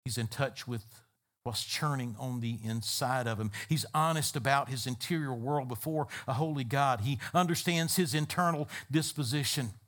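A man's voice: medium pitch, normal speed, a bit bright. A man preaching a sermon as a pastor, building emphatic repeated phrases. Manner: emphatic, repetitive preaching cadence.

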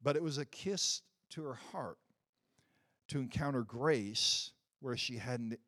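A pastor telling a story in a sermon, conversational and self-deprecating, building to emphatic points. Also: male voice, mid-range voice, slow, fairly bright tone.

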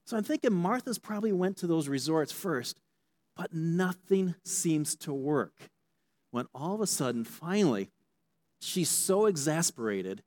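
Animated, conversational man preaching a sermon. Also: on the high side, moderate pace. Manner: conversational, animated, checks in with "okay?". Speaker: pastor.

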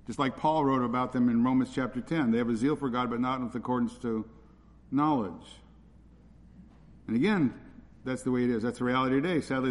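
A man preaching an expository sermon, earnest and repeating his points for emphasis. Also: medium pitch. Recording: long reverb of a large hall.

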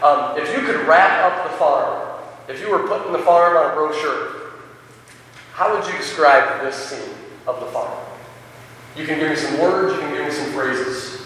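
Animated man teaching in an echoey hall. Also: a little high, normal speed, distant mic, a little hiss or hum. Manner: animated, expressive, asks the audience questions. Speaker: teacher leading a teacher workshop. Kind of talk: demonstration lesson.

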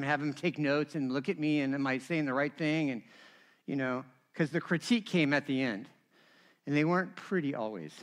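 A middle-aged man preaching a sermon as a pastor, telling stories in an animated way with touches of humor. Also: on the high side.

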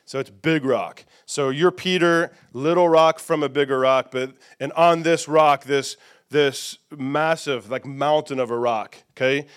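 Man, middle-aged, pastor, conversational sermon, smooth resonant voice, fairly high. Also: fairly even intonation, a little slow, fairly bright tone. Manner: conversational preaching with frequent "okay?" and "amen?" check-ins.

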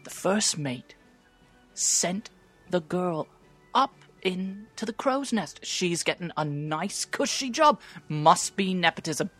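A woman's voice: lowish voice, expressive, slow, fairly bright tone, faint music behind, pitched above the performer's own voice, heavily acted. A woman voicing a gossiping male sailor who grumbles and complains. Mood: grumbling. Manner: complaining, rough "I tell ya".

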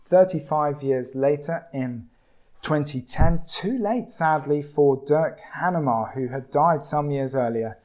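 A man preaching a sermon, telling a story and reading scripture in a measured, deliberate way. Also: a little high, a little mellow.

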